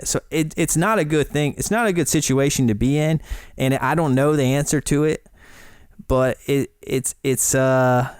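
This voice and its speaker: A man's voice: medium pitch, moderate pace, clear, resonant tone, dry recording, studio quality. A man, a podcast guest, musing in a casual discussion, often restarting his sentences. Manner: thoughtful and hesitant, restarting sentences.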